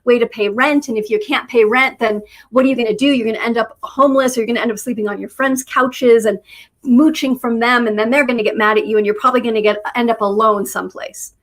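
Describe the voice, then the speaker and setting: Brief: woman voicing a frantic scolding inner critic, higher and louder than her normal talk, rushing from one disaster to the next. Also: fairly even intonation, natural voice. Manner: rapid catastrophizing, scolding. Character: panicky nagging female inner critic.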